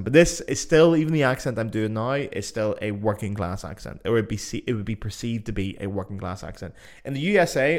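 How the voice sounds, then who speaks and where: Blunt, sweary man with a softened Belfast accent. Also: on the low side. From Northern Ireland. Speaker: podcast host. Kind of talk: solo podcast monologue.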